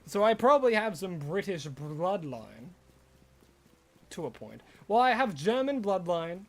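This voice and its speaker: A man's voice: high-pitched, very animated, a little slow. A young Australian man with a mix of Australian and American accent, chatting casually with his live-stream chat while playing a game, mock-indignant and talkative. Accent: Australian with some American.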